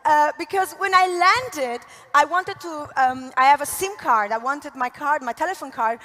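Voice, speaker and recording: A woman with an Italian accent giving an animated, gushing motivational talk from a convention stage. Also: sits high, normal speed. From Italy. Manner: animated, gushing, lots of laughs. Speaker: conference speaker. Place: large convention hall. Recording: echoey hall reverb.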